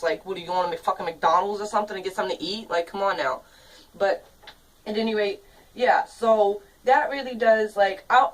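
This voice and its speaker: A woman's voice: mid-range voice, distant mic, rough recording. Swearing, rambling woman in her thirties. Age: 30s. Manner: angry, profane and rambling, full of fillers. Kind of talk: casual vlog rant.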